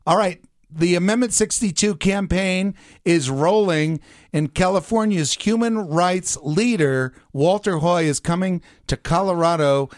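A man's voice: sits high, unhurried, dry recording, studio quality. Upbeat male talk radio host. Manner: enthusiastic, opinionated.

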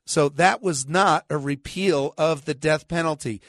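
A man with a somewhat high voice preaches on his own radio program. He argues combatively and with sarcasm, firing rhetorical questions. He quotes scripture slowly and with weight, and the recording is dry and close. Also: no room sound. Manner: slows down and stresses scripture quotes. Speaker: pastor and radio show host.

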